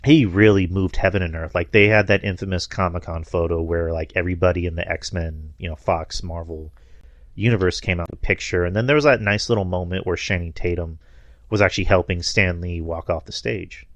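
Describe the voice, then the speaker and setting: Rambling casually with plenty of fillers and laughter, this male podcast co-host speaks briskly in a low, steady voice. The sound is lo-fi, with no room sound.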